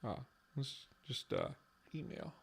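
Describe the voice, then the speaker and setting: Slow, musing man testing sounds aloud. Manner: slow and musing, repeats word forms aloud to test them. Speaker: conlang show host. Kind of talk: working through examples live on stream.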